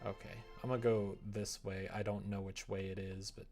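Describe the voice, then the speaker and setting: A man's voice: on the low side, little pitch movement, measured pace, a little mellow, soft background music. A man streaming a game, making playful, wry asides while reading the game's text aloud. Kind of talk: casual live-stream commentary.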